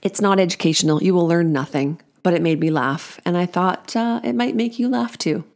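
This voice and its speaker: A woman's voice: fairly low pitch, a little fast, a little mellow. A woman in her forties hosting a podcast, reading a funny personal parenting story aloud with chatty, wry asides and laughing at her own jokes.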